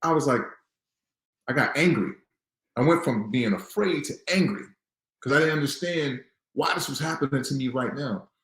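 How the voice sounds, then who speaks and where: A man's voice: mid-range voice, moderate pace, a bit bright, reverberant, poor audio. A man in his thirties from Newark, telling his own story as an interview guest, earnest and at times defiant. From Newark, New Jersey. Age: 30s.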